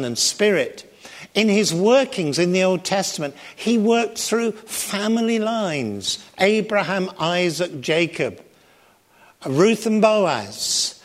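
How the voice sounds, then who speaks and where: Middle-aged male preacher, measured and slow, expressive sermon delivery with a lightly raised pitch. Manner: expressive, varies pitch and volume for emphasis.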